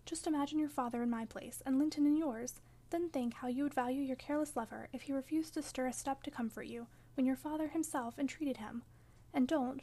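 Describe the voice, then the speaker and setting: A woman's voice: sits high, mellow. A woman reading the part of a stern, scheming man on horseback, coaxing and insistent, in an audiobook reading.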